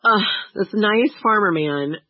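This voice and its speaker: Brief: woman podcast co-host, lively storyteller, husky voice, dry dull sound. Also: medium pitch, unhurried, dry recording. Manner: animated storyteller, laughs often, acts out quotes. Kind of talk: casual chat.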